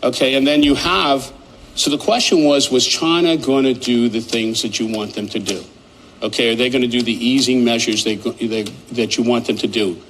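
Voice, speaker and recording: A man analyzing markets in conversation, talking in an animated, emphatic and rambling way. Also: medium pitch, normal speed, a little hiss or hum, rough recording. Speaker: market commentator.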